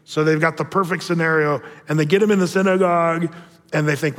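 A man's voice: a little high, brisk. A man preaching a sermon, telling Bible stories with humor and acting out the people in them. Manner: animated storytelling, acts out voices. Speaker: pastor. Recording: reverberant hall.

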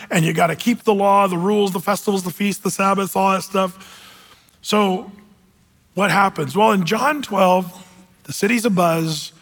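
A husky, fairly high-pitched man preaches a sermon from the pulpit. He reads scripture aloud and tells a story to his congregation. His voice carries a long reverb from a church hall. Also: fairly bright tone. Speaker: pastor.

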